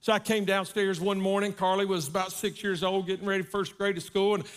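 A man's voice: high voice, level tone, a little fast, smooth. A middle-aged man, a guest preacher, delivering a sermon in a folksy storytelling manner, often checking in with "right?". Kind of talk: sermon with personal stories. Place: church service.

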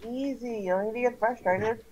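A woman's voice: fairly high pitch, fairly quick, darkish tone, lo-fi sound, slight background noise. A woman playing a game over a call, asking questions casually and hesitantly. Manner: hesitant, asks lots of questions. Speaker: player on a call. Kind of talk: casual gaming chat.

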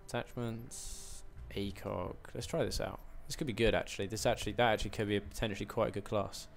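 A man's voice: lowish voice, fairly even intonation, fast talker, gravelly, slight background noise. Rambling young man with a put-on American accent. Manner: rambling, self-mocking, fillers and asides. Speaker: gaming commentator. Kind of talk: live game commentary.

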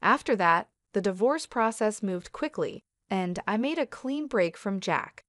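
A woman narrating a first-person drama story in a steady, even delivery. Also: medium pitch, a little slow, no echo, studio quality.

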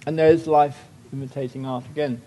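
Older English guest lecturer, dry wit, digressive anecdotes, slightly high pitch. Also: male voice, steady tone, fairly quick, noisy background. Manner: wry, anecdotal, rambling asides. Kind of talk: lecture with slides.

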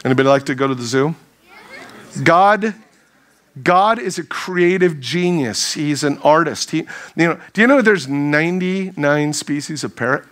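A man giving a humorous youth sermon to a live audience, playful and animated as he jokes with the crowd. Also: on the high side, normal speed. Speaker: youth speaker.

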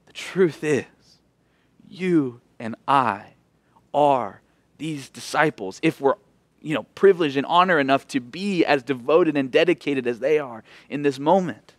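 A man preaching a sermon as pastor, expressive, moving between emphatic lines and hushed ones. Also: fairly high pitch, a little slow, no echo.

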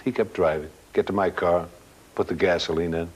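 Older guy with a real low husky voice, telling a story, stops and restarts, quotes people. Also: fairly even intonation, poor audio. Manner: plain-spoken, halting, with restarts and quoted dialogue. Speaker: guest storyteller. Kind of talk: casual spoken anecdote.

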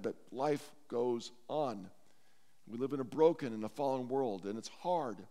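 A man's voice: medium pitch, expressive, normal speed, warm tone. A man preaching a sermon as pastor, earnest and heartfelt, in a church sanctuary. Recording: long church hall reverb.

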